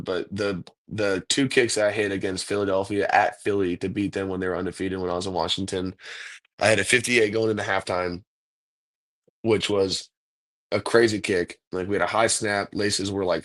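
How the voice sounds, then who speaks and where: A man, a professional football kicker, talking casually as the guest in an interview, rambling through stories with lots of "like" and "dude". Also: deep voice. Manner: laid-back, rambling storyteller, says "like" and "dude" a lot.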